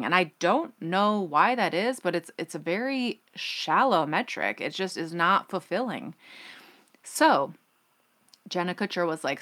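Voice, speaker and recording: A woman hosting her own business podcast, telling a personal story in a chatty, animated way and acting out the quotes. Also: fairly low pitch. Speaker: podcast host.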